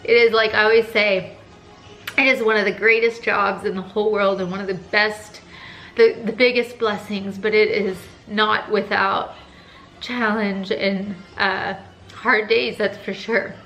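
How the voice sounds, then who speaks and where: A woman's voice: mid-range voice, steady tone, unhurried, pushed and bright, soft background music, poor audio. A young woman, a stay-at-home mom vlogging at home in her kitchen, talking in an emotional, tearful, heartfelt way. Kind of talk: casual chat.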